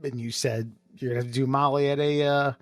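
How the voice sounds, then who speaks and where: Halting man reading listener comments. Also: medium pitch, fairly even intonation, no room sound. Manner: halting reader, many fillers and throat clearing. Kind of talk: casual chat.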